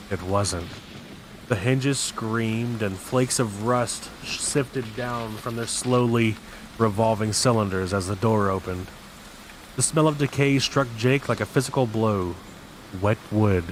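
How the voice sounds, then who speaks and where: A man with a fairly low voice reading a novel aloud at an unhurried pace. He is steady and deliberate, now and then stumbling over a word and correcting himself, with a faint hum of noise underneath. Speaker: audiobook reader.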